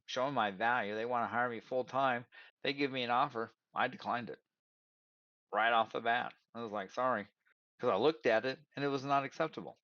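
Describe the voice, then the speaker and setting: A man's voice: mid-range voice, a bit bright, dry recording, highs cut off. A man giving casual career advice, telling stories and acting out both sides of conversations, calling his listeners "y'all". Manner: storytelling, acts out both sides of dialogues.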